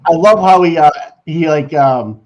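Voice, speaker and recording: Boston guy cohosting a stream, excitable, muffled lo-fi sound. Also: fairly high pitch, moderate pace. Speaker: co-host. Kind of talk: casual live-stream chat.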